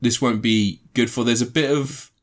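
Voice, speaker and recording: On a podcast, a man rambles loosely about a film he enjoyed, swearing freely and growing animated as he retells scenes. He speaks at normal speed with a middle-pitched voice.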